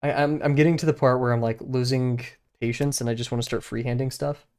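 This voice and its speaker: Sketching live on stream, a young adult man talks fast in a medium-pitched, steady, slightly mellow voice. His casual chatter rambles, is packed with fillers, and slips into muttering to himself as he draws.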